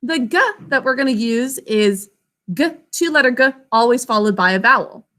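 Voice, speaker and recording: A woman teacher with a slightly high, fairly bright voice leads an online spelling lesson over a video call. She sounds out each word slowly and clearly, syllable by syllable.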